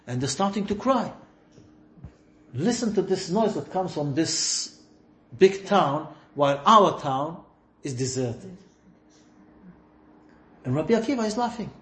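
A man's voice: on the high side, a little mellow, roomy sound. A man leading an informal religious class, telling stories and acting out the dialogue with bursts of laughter. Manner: storytelling, acts out dialogue with laughing outbursts. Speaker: rabbi teaching a class.

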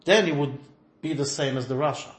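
A man teaching a lively classroom lesson, questioning his students and swinging between loud emphasis and soft asides. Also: medium pitch, a little fast, echoey room. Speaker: religious teacher.

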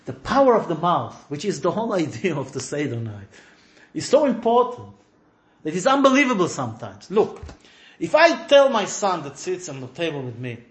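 A man teaching a lively classroom lesson, questioning his students and swinging between loud emphasis and soft asides. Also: fairly high pitch, moderate pace, reverberant. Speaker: religious teacher.

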